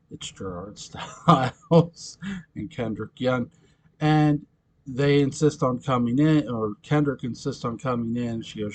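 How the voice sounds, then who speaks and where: His voice sits at medium pitch with vocal fry, and he talks slowly. Recapping a TV episode as a fan, he rambles casually, giggling frequently and fixing his own words along the way.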